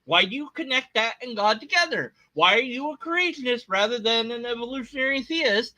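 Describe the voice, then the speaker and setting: Bright, lively-voiced man ranting sarcastically. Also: very high-pitched, fairly quick, no room sound. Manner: sarcastic, exasperated, over-the-top. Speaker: reaction video host. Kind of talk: comedic rant reacting to a video.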